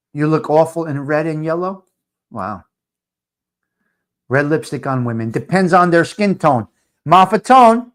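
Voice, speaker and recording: A brash middle-aged man runs a live chat stream, teasing his viewers. His voice sits high for a man and swings widely up and down as he jokes. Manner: brash, teasing, street-wise banter.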